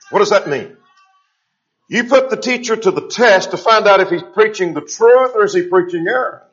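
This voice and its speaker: A man delivers a sermon with a fairly high voice, leaning hard on key phrases and drawing them out slowly. He poses questions to his listeners and answers them himself. The recording sounds dull and lo-fi. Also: lively intonation, fairly bright tone. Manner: emphatic, slows down to stress scripture. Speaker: preacher.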